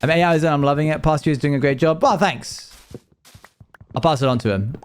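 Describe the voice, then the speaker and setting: A man's voice: fairly high pitch, very fast, clear, resonant tone. A young man casually chatting with his stream viewers, telling rambling stories with frequent laughs. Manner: rambling, laughing, self-deprecating storytelling. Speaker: live streamer.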